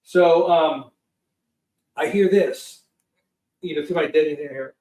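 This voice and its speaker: A man telling a lively story as a podcast guest, swearing freely and restarting his sentences often. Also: a little high, takes it slowly, roomy sound, distant mic, rough recording. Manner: profane, lively, full of restarts. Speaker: guest producer. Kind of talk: animated storytelling.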